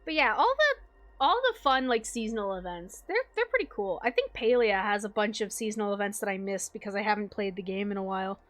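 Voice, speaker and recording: A young woman streamer chatting casually with her viewers, rambling, swearing freely and filling pauses with likes and ums. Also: medium pitch, lively intonation, fairly bright tone. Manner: rambling, swears casually, frequent fillers and laughs.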